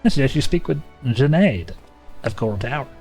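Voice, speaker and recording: A man voicing a chatty, helpful market bystander in a game, with a lively, sing-song delivery. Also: medium pitch, fairly quick, vocal fry, faint music behind, pitched above the performer's own voice.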